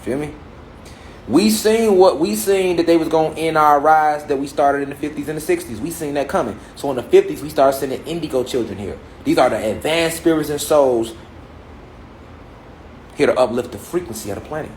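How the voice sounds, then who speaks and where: A man in his thirties with a somewhat high voice and an African American Vernacular English accent preaches to a gathered audience. His delivery is emphatic and full of rhetorical questions and repeated phrases. The recording is echoey, with a faint hiss underneath. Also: a little fast. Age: 30s. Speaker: speaker addressing a gathered audience. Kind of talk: spiritual lecture. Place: large room with an audience.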